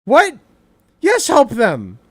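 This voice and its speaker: A man streaming reaction commentary, ranting in an animated, exasperated way with lots of swearing. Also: very high-pitched, very slow, breathy edge.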